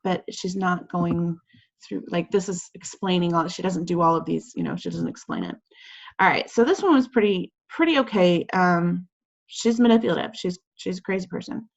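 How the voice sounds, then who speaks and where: A woman teacher explains quiz answers to her class in a loose, chatty way, full of fillers and little acted-out lines. Her voice sits fairly low and has a gravelly edge. The audio comes through a video call and sounds dull and lo-fi. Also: normal speed. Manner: chatty, filler-heavy, acts out quotes. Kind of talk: casual lesson over video call.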